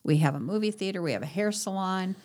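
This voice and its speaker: A woman's voice: mid-range voice, fast talker, a little mellow. A woman, a guest on a talk show about senior services, explaining things patiently with examples and often saying yes. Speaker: guest from senior living community. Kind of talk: casual interview chat.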